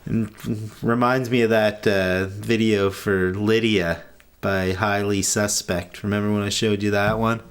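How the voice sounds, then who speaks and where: A man's voice: lowish voice, fairly even intonation, a little slow, clean tone. A man co-hosting a podcast, chatting casually and jokingly about a film, swearing freely. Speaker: podcast co-host. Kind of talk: casual movie chat.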